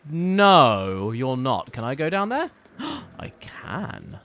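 A man's voice: fairly high pitch, wildly swooping pitch, extremely slow, a bit bright. Playful man streaming a game. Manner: playful, teasing, chatty. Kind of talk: casual gameplay commentary.

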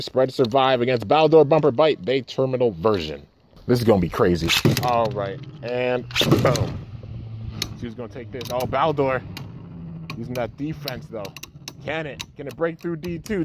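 Casual male vlogger, mid-pitched, hyped commentary on toy battles, a faint hiss of outdoor noise behind him. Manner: excitable, says man and dude a lot, pitch jumps at big moments. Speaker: toy battle channel host. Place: outdoors, flies around.

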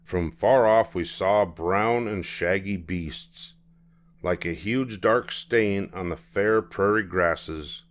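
An older man reading a children's picture book aloud, telling the story in an unhurried, measured way. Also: low voice.

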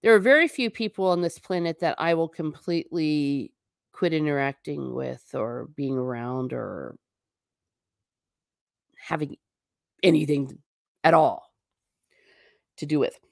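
A woman's voice: sits low, a little slow, creaky, pauses often, no echo, clean studio sound. A woman hosting a casual livestream, talking through a topic and answering viewer comments, sometimes slipping into a stern teacher tone. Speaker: livestream host.

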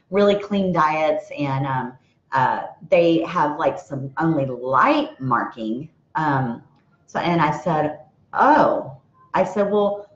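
Woman vlogging, tells a story and does both sides of the chat, lively, echoey room, kinda muffled. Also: lowish voice. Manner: animated, acts out both sides of a conversation. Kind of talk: casual storytelling vlog. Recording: roomy, slightly dull sound.

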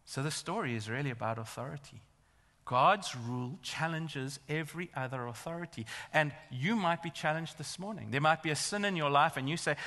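A man delivers a sermon with emphatic, rising rhetorical questions. His voice is fairly high and bright. The sound rings with the long reverb of a large church hall. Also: brisk. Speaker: preacher.

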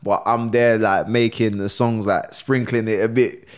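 Laid-back South London man, low voice. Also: unhurried, clean tone. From Croydon, London. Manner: slangy, relaxed, full of tags and acted quotes. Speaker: rapper guest. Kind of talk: casual interview chat.

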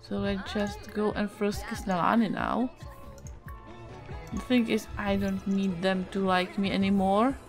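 A Czech-accented woman giving casual let's-play commentary, excitable, swearing and yelping at the game. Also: mid-range voice, measured pace, faint music behind. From Czech Republic. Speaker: gaming video creator.

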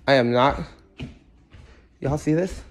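A man's voice: mid-range voice, slow, background noise. A young man in a casual comedic monologue at home, jumpy and slangy, often exclaiming. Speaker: comedy skit creator. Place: at home indoors.

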